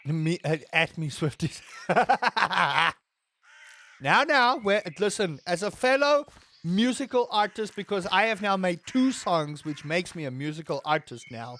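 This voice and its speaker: A man's voice: high voice, unhurried, a bit bright. A man streaming a game, rambling and joking at his own expense while he reads and answers his chat. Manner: rambling, self-mocking, reading chat aloud. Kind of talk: casual live-stream chat.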